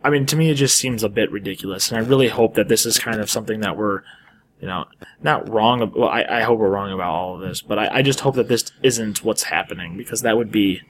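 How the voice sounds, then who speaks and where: A man's voice: on the low side, quick pace, slight background noise. A man co-hosting a casual gaming podcast, rambling with "you know" and trailing off as he thinks aloud. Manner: rambling, trails off, hedging with fillers. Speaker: podcast co-host.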